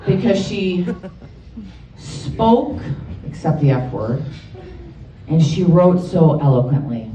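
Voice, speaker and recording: Her low voice swings widely in pitch as she speaks slowly, pausing at length, with background noise around her. The woman, from the Chicago area, is delivering a crude, funny, no-nonsense eulogy for her best friend, picked up by a far-off mic in a roomy hall with a crowd.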